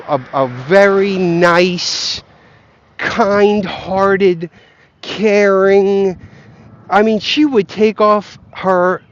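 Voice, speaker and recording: A man's voice: on the high side, dull audio, slight background noise. A man ranting and joking while walking outdoors, profane and rambling, talking straight to his viewers. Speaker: vlogger. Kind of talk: rambling comic rant. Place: outdoors, walking along a path.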